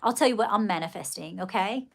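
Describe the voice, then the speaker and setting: A woman's voice: mid-range voice, fast, vocal fry. A middle-aged woman hosting a live stream, telling rambling stories in casual chat and calling her viewers darling. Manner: chatty, rambling storytelling, calls viewers darling. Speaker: livestream host.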